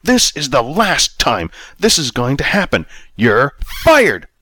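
A man's voice: mid-range voice, wildly swooping pitch, slow, sharp tone, slightly rough, voice pushed up, full character voice. A man voicing a cruel restaurant manager who screams harshly in a storybook reading. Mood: furious.

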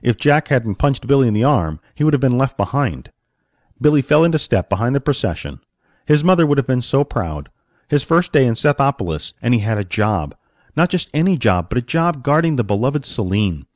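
A man narrating an audiobook story with expressive storytelling and varied pacing. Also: mid-range voice, moderate pace, dry recording, studio quality.

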